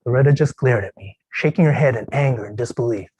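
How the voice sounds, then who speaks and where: A man giving a dramatic storytelling speech at a contest, expressive, with drawn-out pauses and hushed tender passages. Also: mid-range voice, slight background noise, low-quality recording. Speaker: contest speaker.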